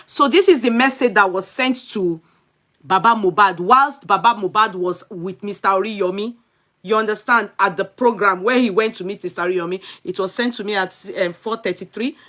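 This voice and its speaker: A woman's voice: medium pitch, moderate pace, fairly bright tone. A Nigerian woman hosting an online talk show, speaking emphatically and reading a letter aloud with her own remarks in between. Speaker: host.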